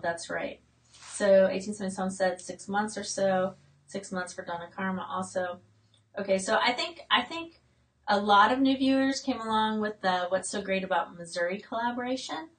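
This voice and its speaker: Reading out comments from viewers during a relaxed live stream from her homestead, this woman in her late forties often restarts and fills gaps with fillers. The audio is poor and the mic sits far away, capturing a mid-range, slightly bright voice.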